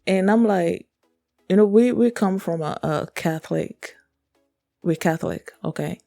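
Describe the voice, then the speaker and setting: A woman's voice: fairly low pitch, measured pace, vocal fry, warm tone, no room sound, faint music behind. A woman hosting a reaction video, telling a personal story in an earnest, emotional, rambling way with many fillers. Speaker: reaction channel host.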